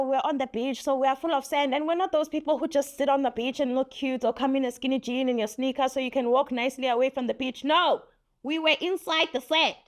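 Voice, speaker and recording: A young woman telling a story on her vlog in a lively, laughing way, acting out what people said. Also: fairly high pitch. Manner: animated, laughing, acts out quotes. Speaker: vlogger. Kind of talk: casual story time.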